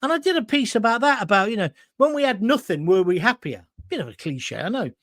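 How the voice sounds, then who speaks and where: Impassioned man with lively pitch. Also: fast, no room sound, studio quality. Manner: indignant and emotional, addressing viewers directly. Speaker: host of his own live show. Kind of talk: impassioned live-stream commentary.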